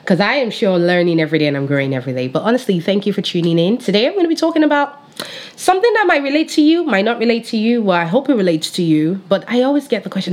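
A young woman who is a pastor hosts a faith podcast and chats casually. Her voice is high-pitched, excitable and energetic, and she talks very fast.

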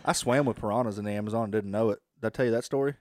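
A man's voice: on the low side, very fast, no room sound. Man, profane storyteller, dry close sound. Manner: profane, storytelling, laughs while telling. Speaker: podcast co-host. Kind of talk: casual chat.

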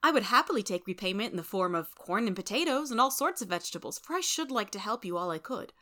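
Lady doing a sweet gentle girl voice, high and bright. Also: sing-song, quick pace, full character voice. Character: gentle, kindly young woman.

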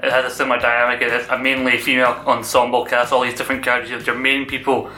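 A man's voice: medium pitch, completely flat delivery, fast talker, bright, forceful tone, soft background music, low-quality recording. A man talking as a guest in a casual TV review chat, rambling with lots of fillers. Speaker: podcast guest.

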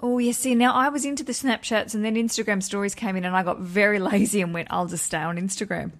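A woman's voice: medium pitch, steady tone, fast talker, a little hiss or hum. Woman host, casual podcast chat, bubbly and chatty, mid-range voice. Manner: chatty and bubbly, laughs often.

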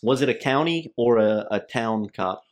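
A man's voice: mid-range voice, moderate pace. A man in a casual podcast chat, teasing his friend with jokes. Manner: teasing, joking. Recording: roomy echo.

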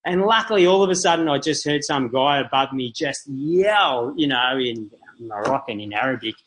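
A middle-aged man, a marathon runner and podcast guest, telling travel stories animatedly and acting out quotes in high voices. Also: expressive, moderate pace, fairly bright tone, slight background noise, rough recording. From Australia. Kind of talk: casual storytelling.

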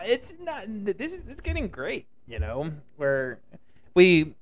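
A man's voice: high voice, wildly swooping pitch, takes it slowly. A young man co-hosting a podcast, joking loosely and swearing in casual banter. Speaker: podcast co-host.

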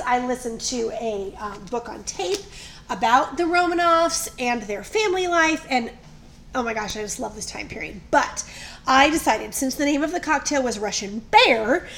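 A woman in her thirties co-hosting a podcast, chatting excitably and gushing. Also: high-pitched, slight background noise. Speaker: podcast co-host. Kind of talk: casual chat.

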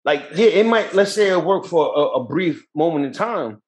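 A man's voice: fairly high pitch, animated, moderate pace. A young man co-hosting a podcast in casual chat, blunt and swearing freely as he tells work stories. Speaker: podcast co-host.

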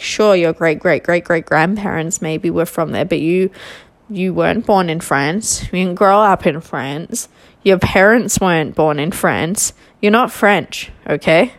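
A young woman with a fairly low voice talks through a reality show recap in loose, casual chat. She is gossipy and chatty, with exasperated asides.

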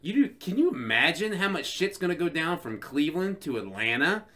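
Rowdy, profane podcast guy with a lively voice. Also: a little high, a little fast. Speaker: podcast co-host. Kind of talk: casual drunk banter.

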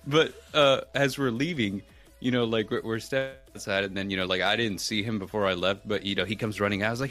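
A man's voice: a little fast, faint music behind. A man on a casual chat stream, telling a story and acting out the people in it. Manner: animated, acts out quoted people with sudden high pitch jumps. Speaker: stream guest.

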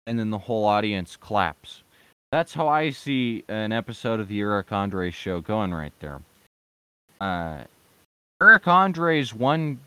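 A man's voice: on the low side, a bit bright, dry recording. A young man delivering a mock-serious, profane and sarcastic comedy rant with strong opinions.

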